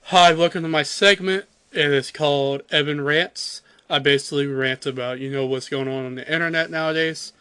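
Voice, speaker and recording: A young man co-hosting a podcast, introducing his segment in a relaxed, hesitant way. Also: a little high, normal speed, few pauses, clean tone, no echo. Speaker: podcast co-host.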